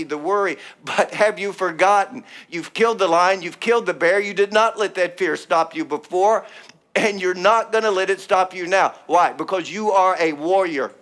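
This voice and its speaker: A man's voice: high-pitched, a bit bright. A middle-aged man preaching a sermon in an emphatic, rhythmic style built on repeated phrases. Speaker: pastor.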